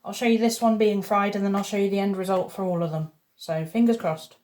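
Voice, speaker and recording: A woman's voice: mid-range voice, steady tone, fast talker, a little mellow. Chatty woman vlogging her home baking. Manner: chatty, upbeat, talks while cooking. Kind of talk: casual cooking vlog. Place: home kitchen.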